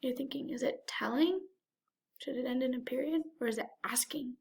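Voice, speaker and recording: A woman's voice: high-pitched, normal speed, creaky, a little mellow. A woman teacher giving a remote lesson to young children, talking directly to them in an encouraging, sing-song way.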